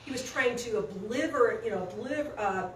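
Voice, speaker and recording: Animated woman coach storytelling. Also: on the high side, normal speed, far from the mic. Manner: animated storyteller, acts out quotes. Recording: echoey room, speaker off-mic, faint noise.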